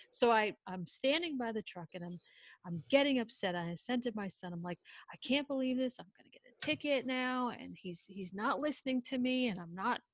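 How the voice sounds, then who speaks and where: A woman's voice: fairly high pitch, no room sound. A woman telling a personal story in casual chat, acting out quoted lines and often breaking off and restarting. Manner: animated, acts out quotes, self-interrupting.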